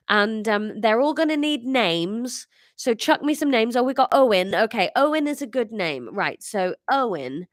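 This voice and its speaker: A woman's voice: medium pitch, no echo. A woman hosting a podcast, chatting and reading an improvised comic story, self-mocking and full of restarts.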